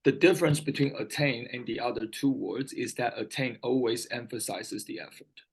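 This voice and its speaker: A man's voice: mid-range voice, normal speed, husky, low-quality recording. A man tutoring English one-on-one, patiently repeating key words and often checking whether his student understands. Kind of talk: one-on-one vocabulary lesson.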